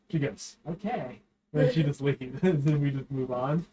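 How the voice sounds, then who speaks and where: A man's voice: on the high side, a little slow, warm tone, low-quality recording. A young man chatting casually while gaming, telling stories in a laid-back way, swearing and giggling.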